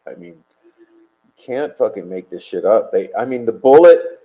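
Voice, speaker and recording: A man with a dark, mellow voice hosts a live stream in a casual way. He talks to his chat bluntly and combatively, with plenty of swearing. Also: medium pitch, animated, normal speed, poor audio.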